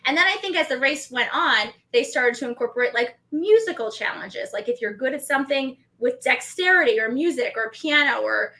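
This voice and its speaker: Chatty woman co-host, high and bright, casual and rambling. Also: animated, brisk, few pauses. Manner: chatty, thinks aloud with many fillers. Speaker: podcast co-host. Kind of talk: casual chat.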